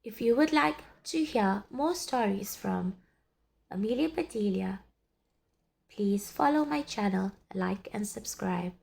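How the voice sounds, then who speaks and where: A woman reading a children's story aloud in an expressive, sing-song way. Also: medium pitch, slow, vocal fry. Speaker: storybook reader.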